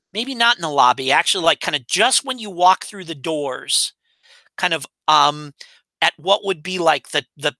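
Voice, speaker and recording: A man's voice: on the high side, gravelly, bright, forceful tone, no room sound. A man playing a tabletop game, describing a scene he invented in a rambling way and correcting himself as he goes. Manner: rambling, hesitant, self-correcting. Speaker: player.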